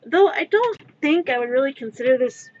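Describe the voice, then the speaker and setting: A woman's voice: sits high, expressive, fairly quick, a little mellow, dull audio, a little hiss or hum. A woman streaming her crafting, chatting in a rambling, playful way from her own room, sometimes scolding her cat. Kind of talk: casual live-stream chatter.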